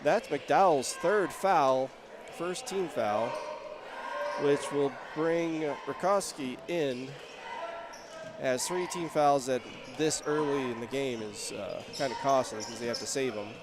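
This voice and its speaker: A man calling a local high school basketball game play-by-play, chatty and getting louder on big plays. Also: a little slow, noisy background. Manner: chatty, rises in pitch and volume on big plays. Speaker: play-by-play announcer. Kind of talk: play-by-play commentary.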